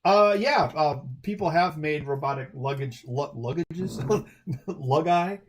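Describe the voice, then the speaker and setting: A man's voice: fairly high pitch, takes it slowly. A man hosting a charity livestream, answering viewer chat in a loose, rambling way with lots of fillers and restarts.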